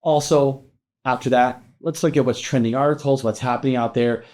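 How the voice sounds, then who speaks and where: A man's voice: medium pitch, fairly even intonation, fairly quick, darkish tone. A middle-aged man delivers fired-up commentary on housing and rates, talking straight to his viewers. He rants with emphasis and throws in casual swearing. His voice sits in an ordinary middle range. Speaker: real estate loan officer and show host. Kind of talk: energetic market commentary to camera.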